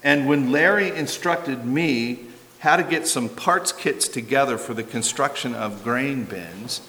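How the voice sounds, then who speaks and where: A man's voice: mid-range voice, measured pace, sharp tone. An older man preaching a sermon as a pastor, conversational and emphatic, asking rhetorical questions and adding asides. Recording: long reverb of a large hall.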